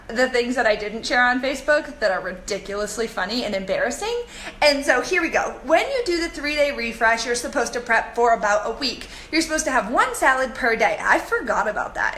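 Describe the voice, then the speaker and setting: A woman in her thirties chatting on a live video to her viewers, animated as she tells stories and answers comments. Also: on the high side. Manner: bubbly, animated storytelling, reads comments aloud. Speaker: coach hosting a live video. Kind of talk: live-stream chat to viewers. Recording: echoey room with faint background noise.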